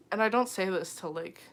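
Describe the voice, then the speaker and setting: A woman's voice: medium pitch, a bit bright. Giggly young woman chatting on a livestream. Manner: chatty, giggly, heavy on fillers like "um" and "like". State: tired late at night. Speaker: YouTuber hosting a livestream. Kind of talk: casual livestream chat reading comments. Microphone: phone.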